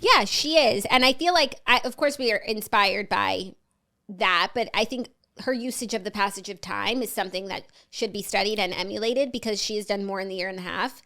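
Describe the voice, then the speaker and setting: A woman in her thirties co-hosting a podcast, chatting casually and playfully with quick quips. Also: medium pitch, sharp tone. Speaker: podcast co-host. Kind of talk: casual chat.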